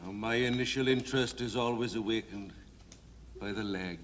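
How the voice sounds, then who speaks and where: An actor playing an earnest, matter-of-fact inmate in a 1970s sitcom. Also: male voice, on the low side, normal speed, a little hiss or hum, lightly acted. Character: solemn oversexed Welsh male inmate.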